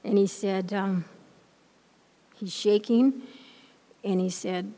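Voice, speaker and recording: A woman's voice: medium pitch, steady tone, slow pace, long pauses, dark tone. A woman at a handheld microphone tells a heartfelt story as part of a church lesson. She talks unhurriedly and in an emphatic way, circling back over her key phrases. Her voice carries a long reverb off the large room. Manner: emphatic, repeats phrases for effect. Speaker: lay speaker giving a church lesson. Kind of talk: heartfelt sermon-style storytelling.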